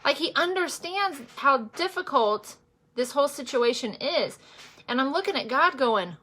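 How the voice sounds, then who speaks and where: A chatty woman in her forties vlogs her makeup routine, wandering off into personal stories. Her voice sits a little high and rings bright and forward. She talks casually, full of fillers, and turns earnest when she speaks about faith. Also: animated, unhurried. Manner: chatty and rambling, with many fillers. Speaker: makeup vlogger and direct seller.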